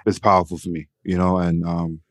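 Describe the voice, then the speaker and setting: A man's voice: low voice, level tone, a little fast, no room sound, clean studio sound. A man co-hosting a podcast in casual, emotional chat, often saying "you know" and "man". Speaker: podcast co-host.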